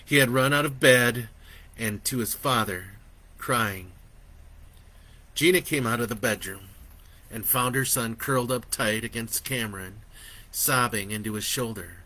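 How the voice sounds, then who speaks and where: A man narrating his own horror story in a slow, expressive way that builds in intensity. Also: fairly low pitch, no echo.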